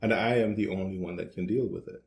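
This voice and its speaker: A husband co-hosts a casual podcast chat with his wife at home over breakfast. He talks in a measured, explanatory way and often acts out bits of dialogue. His voice carries a roomy echo. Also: fairly low pitch.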